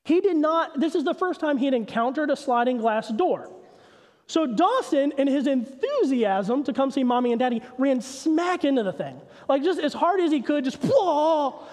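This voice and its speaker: A pastor in his thirties giving a sermon in a church, telling family stories in an animated way. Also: very high voice, moderate pace, in a large hall. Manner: animated storytelling, acts out his son's confused voice. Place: church sanctuary.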